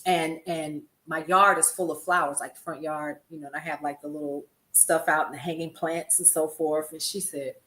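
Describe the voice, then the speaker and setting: A woman's voice: low voice, fairly even intonation, normal speed, hardly any pauses, bright, forceful tone, echoey room. An older woman, a grandmother, hosting a casual news commentary stream, chatty and laughing often as she talks to her viewers. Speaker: host.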